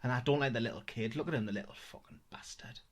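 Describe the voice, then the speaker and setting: A man's voice: mid-range voice, fast talker, slightly rough. A man with a South Tyneside accent doing a stand-up set at home, dry and sweary with rambling asides. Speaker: stand-up comedian. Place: his house. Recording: roomy room, mic at a distance.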